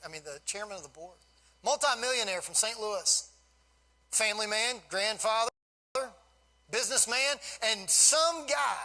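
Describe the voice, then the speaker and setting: A man in his fifties giving an animated, folksy storytelling speech to a live audience as a guest speaker. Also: high voice, low-quality recording.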